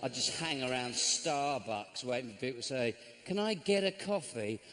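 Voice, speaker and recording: A middle-aged man from England doing a stand-up comedy routine, deadpan and grumbling, breaking into sudden shouts. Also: medium pitch, normal speed. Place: large theatre stage. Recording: live show with constant audience noise.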